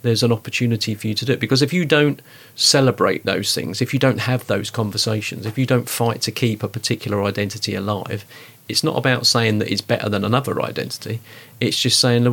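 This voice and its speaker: A man in a relaxed discussion, talking in an animated, rambling way with lots of fillers. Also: lowish voice, fast talker, creaky, hardly any pauses, slightly rough. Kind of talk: conversational discussion.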